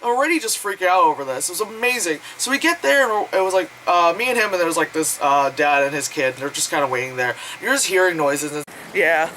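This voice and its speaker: Bright-voiced, foul-mouthed woman vlogger. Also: lowish voice, animated, fast talker, a little hiss or hum, low-quality recording. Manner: chatty, swears freely, laughs often. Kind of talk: casual rambling vlog chat.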